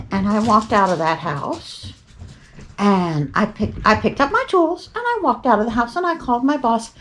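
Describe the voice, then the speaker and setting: An older woman hosts a podcast, her voice a little high with lively intonation at a moderate pace. She tells rambling, chatty stories full of wry asides and frequent digressions.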